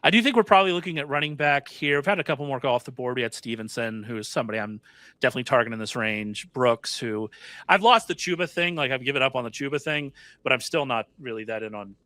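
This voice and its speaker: A man talking through a fantasy football draft in casual chat, chatty and quick to correct himself. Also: mid-range voice, animated, sharp tone, dry recording. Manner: chatty, self-correcting, laughs often.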